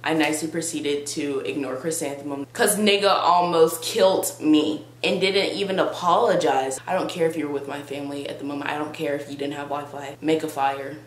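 A woman's voice: low voice, fairly even intonation, a little fast, hardly any pauses. A young woman vlogger telling a comic story in a dramatic, sarcastic, exaggerated way. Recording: roomy with faint hum.

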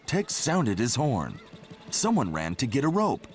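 A man reading a children's story aloud in an expressive, unhurried way. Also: medium pitch, a little hiss or hum. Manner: slow, very animated expressive reading. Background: music.

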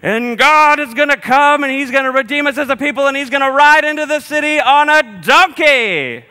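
A man voicing an excited ancient male prophet who exclaims his words loudly. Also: very high-pitched, moderate pace, pitched above the performer's own voice. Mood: proclaiming.

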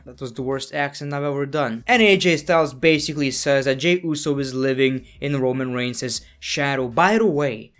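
Guy doing a wrestling recap voiceover, kinda high voice, sarcastic and jokey. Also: normal speed, few pauses. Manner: excitable, jokey, sarcastic asides. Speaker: wrestling reviewer. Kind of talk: casual show recap. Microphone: voice-over, no camera.

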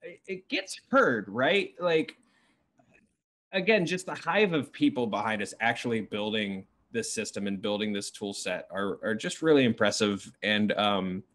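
A man's voice: lowish voice, measured pace, a bit bright. A man co-hosting a developer update stream, joking and rambling with lots of fillers. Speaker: co-host of a dev update stream. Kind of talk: casual stream chat.

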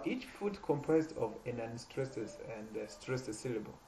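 Halting man teaching a poetry lesson. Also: a little mellow, slight background noise, poor audio. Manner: halting, repeats and restarts words, stresses words with rising pitch. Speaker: literature teacher.

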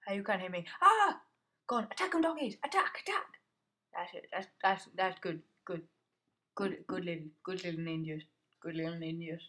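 A teenage boy giving casual gameplay commentary. He mutters to himself, swears, and yelps whenever something startles him. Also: high-pitched. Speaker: gamer.

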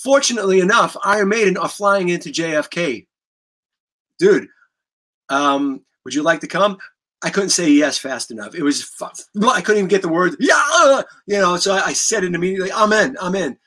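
New guy, highish bright voice, rambling swearing storyteller. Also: fairly quick. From New York. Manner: animated, profane, rambling with restarts. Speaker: guest musician. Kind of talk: casual storytelling.

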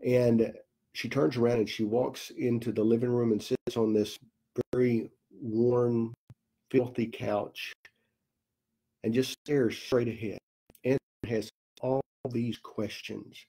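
A male pastor telling a story in a sermon, slow and deliberate with long dramatic pauses. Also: medium pitch, flat delivery, warm tone, breathy edge. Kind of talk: sermon storytelling in a recorded Bible study.

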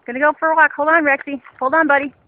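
A woman's voice: high-pitched, level tone, very fast, no room sound, phone-quality sound. A woman talking sweetly to her dog in a casual home video outdoors. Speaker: dog owner filming her pet.

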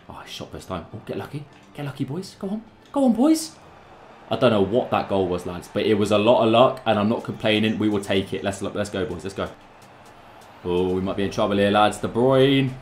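Hyped young guy chatting over his football game, calls everyone lads, bit of room echo. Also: lowish voice. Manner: excitable, chatty, keeps addressing the lads. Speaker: gaming YouTuber. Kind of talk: live gameplay commentary.

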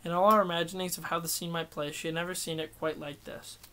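Male amateur audiobook reader, slightly high pitch, steady unhurried delivery. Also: clear, resonant tone.

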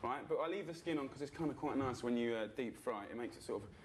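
A man's voice: medium pitch, fast, a little hiss or hum. Chatty man cooking. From England. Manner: chatty, loose, full of fillers. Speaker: cooking show host. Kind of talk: casual cooking demonstration.

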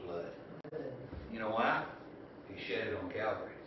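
Texan male pastor, folksy sermon with shouted bursts, echoey church from a distance. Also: lowish voice, lively intonation, normal speed. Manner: folksy storytelling with sudden shouted outbursts. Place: church sanctuary. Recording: echoey church from far off, dull.

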